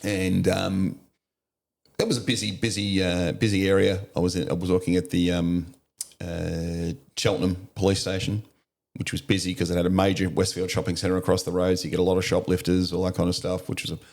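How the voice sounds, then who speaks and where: A man's voice: low voice, little pitch movement, a little fast, creaky, darkish tone. A middle-aged Australian man, a service veteran, telling war stories in a casual interview, blunt and sweary, often breaking into laughs. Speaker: podcast guest, army, navy and police veteran.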